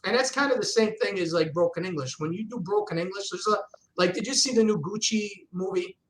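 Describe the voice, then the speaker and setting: Give me an animated male comedian from the US in casual podcast chat. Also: high voice, brisk, a little hiss or hum, rough recording. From United States. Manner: animated, acts out his father's voice. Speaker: guest comedian.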